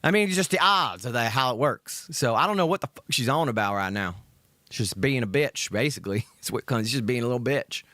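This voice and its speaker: A man from Georgia in the US, filling in as host of a live reaction stream, talking in a profane rant that swings to loud outbursts. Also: medium pitch, lively intonation, fairly quick, no room sound. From Georgia, USA.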